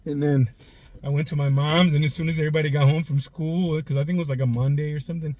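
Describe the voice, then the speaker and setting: Fast and fairly high-pitched, this man's voice is a little mellow with fairly even intonation. He's in his forties, hosting a raw confessional vlog from a parked car, swearing freely while tearful and choked up.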